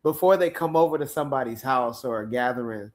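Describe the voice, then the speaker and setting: A man's voice: medium pitch, fast talker. A man hosting a podcast in casual chat, laughing often and telling stories. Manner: laughs often, animated storytelling. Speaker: podcast host.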